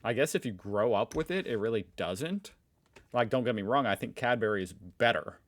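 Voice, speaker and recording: A man's voice: mid-range voice, animated, normal speed. Playful mock-defensive man hosting reactions. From Southern United States. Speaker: reaction video host. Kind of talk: casual reaction commentary.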